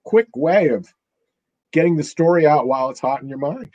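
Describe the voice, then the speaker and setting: High-voiced older man, dull dry sound. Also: animated, a little mellow, dry recording. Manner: halting, repeats himself, chuckles. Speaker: author guest. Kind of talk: casual interview chat.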